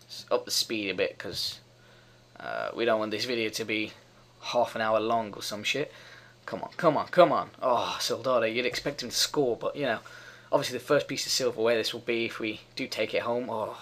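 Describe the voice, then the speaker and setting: A man's voice: lowish voice, moderate pace, poor audio. A young man giving casual live commentary over a football management game, swearing freely and cheering when his team scores. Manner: excitable, swears often, cheers at goals. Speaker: gamer doing live commentary.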